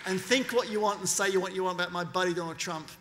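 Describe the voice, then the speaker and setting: A man's voice: sits high, fast, crowd noise, background noise. A man giving a graduation speech, telling a story with energy and acting out the people he quotes. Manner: animated storyteller, acts out quoted voices. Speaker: commencement speaker. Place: graduation ceremony venue. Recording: long reverb of a large venue.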